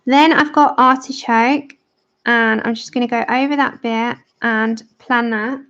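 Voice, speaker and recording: Brief: London woman, fairly high voice, chatty livestream host talking through her colouring, slightly muffled stream audio. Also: steady tone, a little slow, a bit bright. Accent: London English. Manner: chatty, laughs often, talks viewers through each step.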